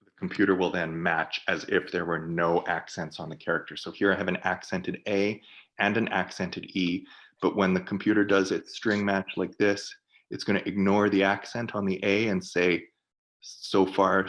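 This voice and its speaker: A man on a video call, presenting for a product team and walking through software in a webinar while thinking aloud. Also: sits low, flat delivery, normal speed.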